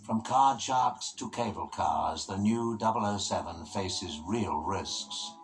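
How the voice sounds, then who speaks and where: Low-voiced man narrating a documentary. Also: rough recording. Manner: measured, formal delivery. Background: music.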